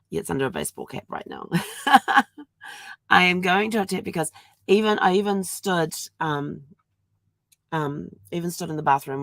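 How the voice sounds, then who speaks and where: A woman's voice: low voice, vocal fry, no room sound. A middle-aged woman hosting a casual daily video diary while ill with a sore throat and congestion, talking around a throat lozenge, chatty and rambling, laughing at herself. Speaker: vlog host.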